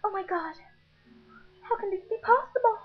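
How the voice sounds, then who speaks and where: A young woman voicing a melodramatic teen half-vampire girl in a shrill, overwrought way, on a dull lo-fi mic. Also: unhurried. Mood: astonished.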